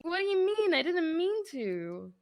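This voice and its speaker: A woman's voice: very high voice, sing-song, measured pace. Sassy Liverpool-accented woman. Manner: sassy, swearing. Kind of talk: game roleplay chat.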